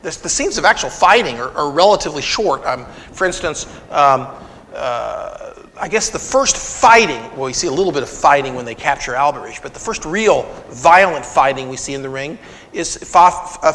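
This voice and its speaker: A man giving a conversational lecture to an audience, animated and retelling scenes with quoted dialogue. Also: fairly high pitch, moderate pace, slight background noise. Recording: long reverb of a lecture hall.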